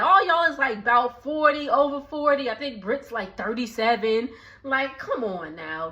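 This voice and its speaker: A woman giving a casual, gossipy recap of a reality TV episode, chatty and quick to laugh. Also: fairly high pitch, animated, sharp tone. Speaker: TV recap vlogger. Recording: dull lo-fi sound.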